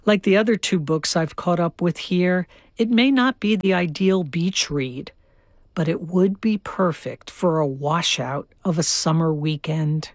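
A woman giving a measured, deliberate radio book review. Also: lowish voice, no echo, clean studio sound. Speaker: book critic.

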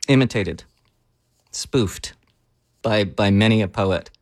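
A man talking casually about poetry and reading poems aloud with animated feeling. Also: fairly low pitch, slow pace, no echo, studio quality. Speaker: poet and guest. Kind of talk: casual chat with poem readings.

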